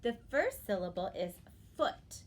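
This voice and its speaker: With big swings in pitch, a medium-voiced woman guides little kids through phonics. She's encouraging and models words in a slow, drawn-out way.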